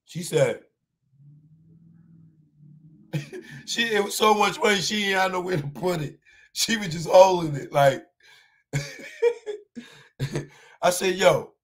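A man performing live stand-up, telling a long story in slang, with many restarts, and jumping into high shouted voices for the other people in it. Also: moderate pace, long pauses. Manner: repeats and restarts words, talks in slang. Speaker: stand-up comedian.

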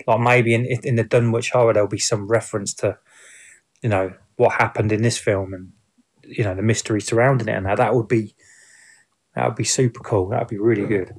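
A man's voice: on the low side, steady tone, fairly quick, breathy edge. Rambling man reviewing a film. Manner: rambling, many fillers and restarts. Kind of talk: casual spoken film review.

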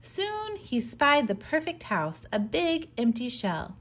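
A preschool teacher reading a picture book aloud to children in a gentle, animated storytelling manner. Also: female voice, sits high, slow, breathy edge.

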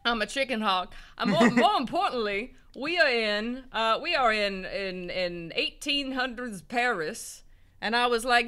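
A man's voice: extremely high pitch, lively intonation, measured pace, sharp tone, smooth. A man with a Southern US accent, rambling and joking as he comments on a game he's playing. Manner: rambling, self-mocking, laughs often. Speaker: let's play co-host. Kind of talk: casual gameplay commentary.

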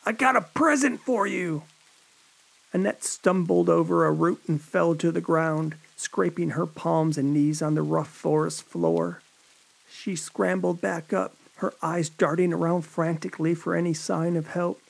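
A man's voice: a little high, flat delivery, measured pace, creaky, darkish tone. A man narrating a horror story in a dramatic storytelling manner. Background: rain.

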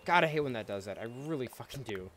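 A man at a medium pitch talks casually over a video game, relaxed and loose, dropping swear words and asides to his viewers. Soft game music plays faintly behind him. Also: fast talker. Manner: laid-back, swears freely, chatty asides to viewers. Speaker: let's play host. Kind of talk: casual gameplay commentary.

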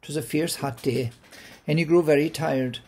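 A man with an Irish accent telling a folk tale gently and unhurriedly, acting out parts of the story. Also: on the high side, normal speed, slightly rough. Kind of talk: told folk tale with a moral.

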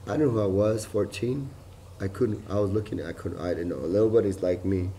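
A middle-aged man, talking in a rambling, profane monologue that jumps from loud outbursts to low mutters. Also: moderate pace, a little hiss or hum. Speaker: vlogger.

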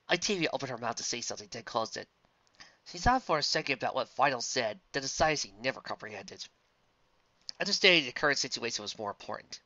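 Woman reading fanfic aloud, lowish voice, muffled dry recording. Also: lively intonation, quick pace, sharp tone, no echo. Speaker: fan fiction reader. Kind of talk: storybook narration.

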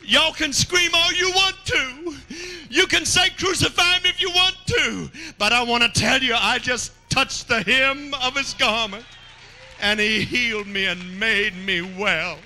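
A man voicing a small, fervent woman who was healed, giving a shouted testimony. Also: extremely high pitch, unhurried, voice pushed up, exaggerated voice, low-quality recording.

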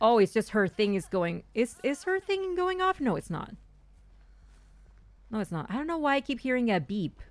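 A young woman streams a game and chats through it, excitable and quick to repeat herself. Her voice sits a little high and swings widely in pitch. She talks straight to her teammates in a casual, running commentary. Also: no echo. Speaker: gaming streamer.

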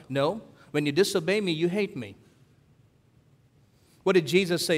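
A man preaching a sermon in a church, his voice sitting a little high for a man. He swings from forceful emphasis down to hushed, quiet scripture quotes. A long hall reverb trails every phrase. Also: normal speed, pauses often. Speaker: pastor.

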